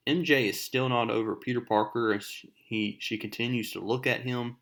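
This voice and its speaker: A man's voice: mid-range voice, fairly even intonation, normal speed, vocal fry, hardly any pauses, a bit bright. A young man hosting a comic book video, recapping the story in a chatty, loose way.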